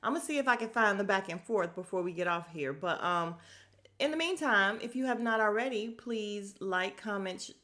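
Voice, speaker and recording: Woman, podcast host, casual recap chat, animated, laughs a lot, acts out quotes. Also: mid-range voice, normal speed. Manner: chatty, animated, laughs often; acts out quoted people's voices.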